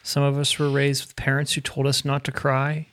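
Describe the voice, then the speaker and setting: A man's voice: mid-range voice, monotone, moderate pace, fairly bright tone, no echo. A man co-hosting a casual spiritual conversation, plain-spoken and lightly humorous. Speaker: podcast co-host.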